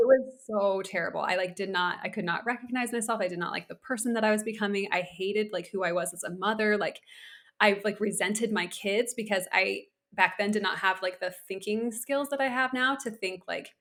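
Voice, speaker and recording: Brief: woman, 30s, podcast co-host, candid casual chat, mid-pitched, full of "like"s. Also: normal speed, fairly bright tone. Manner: candid, conversational, many filler likes.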